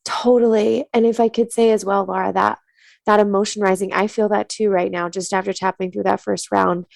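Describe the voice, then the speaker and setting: A woman coaching a listener through a tapping exercise in a calm, soothing, slow voice, then explaining her practice. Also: medium pitch, gravelly, no echo. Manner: gentle affirming murmurs while listening. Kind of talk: guided tapping meditation and interview answers.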